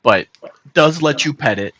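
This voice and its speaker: A man's voice: on the high side, animated, a little slow, pushed and bright, a little hiss or hum. A man narrating as dungeon master of a tabletop game, easygoing and laughing often, heard over a voice call.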